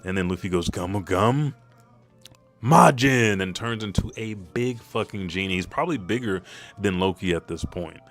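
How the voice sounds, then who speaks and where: A man with a fairly low voice tells comic chapter events in loose, profane, animated storytelling. His casual recap has faint background music under it. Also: fairly quick. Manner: profane, animated storytelling, bursts into high-pitched character quotes. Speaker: manga spoiler commentator. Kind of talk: casual recap with acted-out character lines.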